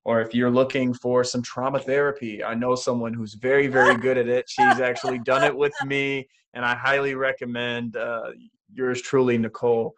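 A man's voice: mid-range voice, level tone, moderate pace, fairly bright tone. A man co-hosting a spiritual podcast, talking in an earnest, emotional, rambling way with many restarts. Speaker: podcast co-host. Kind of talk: casual spiritual podcast chat.

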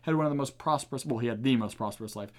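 A man's voice: medium pitch, rapid-fire. Earnest man teaching on a podcast. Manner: earnest, emphatic, with restarts. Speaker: podcast host teaching the Bible. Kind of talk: casual teaching chat.

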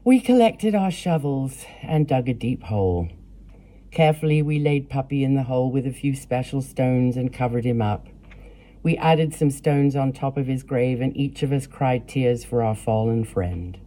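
A woman reading her own memoir aloud in a measured, plain storytelling way. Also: rumbling low, animated, dark tone. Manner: measured, plain storytelling with blunt profanity in quotes. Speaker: memoir narrator. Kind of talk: first-person memoir reading.

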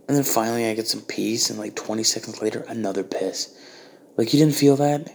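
A man's voice: lowish voice, moderate pace, gravelly, darkish tone, slight background noise. A man delivering a profane, exasperated comedic rant. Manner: ranting, exasperated, heavy swearing.

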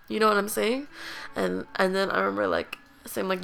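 A woman's voice: medium pitch, big pitch swings, brisk, gravelly, a bit bright, faint music behind. A young woman hosting a podcast, telling her own story in a raw, emotional, blunt way, full of "like" fillers. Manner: blunt, with casual swearing. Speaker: podcast host. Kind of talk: candid personal storytelling.

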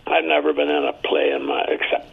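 Older man guest in his seventies from Ontario, Canada, spinning chatty anecdotes; husky voice over a tinny line. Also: sing-song, a little fast. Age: 70s. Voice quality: very deep, gravelly and husky. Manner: chatty anecdotal storyteller, acting out quoted voices. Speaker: interview guest. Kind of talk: storytelling interview.

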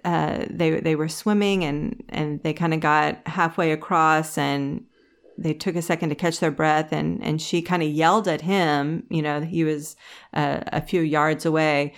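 A woman co-hosting a casual podcast chat, telling a story with lively quoted voices and frequent restarts. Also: sits low, a little slow. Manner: storytelling, animated when quoting others. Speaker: podcast co-host.

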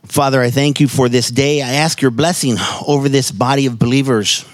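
An American man reads scripture in a measured, earnest voice and then leads a prayer. The sound is close and dry, with no room echo. His pitch is ordinary and middle. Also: steady tone. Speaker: church member leading scripture reading and prayer. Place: church sanctuary.

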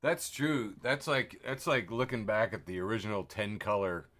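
A man co-hosting a podcast in casual chat who laughs often and talks with an animated delivery. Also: on the low side, normal speed. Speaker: podcast co-host.

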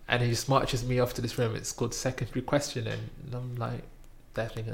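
A man with a gravelly, rough-edged voice talks through a travel anecdote in relaxed conversation. He is from Britain and animates the story, putting on louder voices for the people in it. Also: medium pitch, a little fast. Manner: animated storytelling, acting out quoted voices loudly. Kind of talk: casual chat, anecdote.

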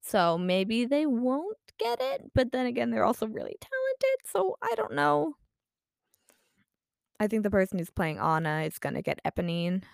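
A woman's voice: mid-range voice, wildly swooping pitch, normal speed, creaky, no echo, studio quality. A woman chatting casually in a vlog, rambling and self-deprecating with lots of fillers, her voice a bit tired. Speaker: vlogger.

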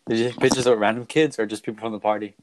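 A man's voice: medium pitch, steady tone, racing, slight background noise, rough recording. A man asking short, curious questions in a casual chat. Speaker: interviewer.

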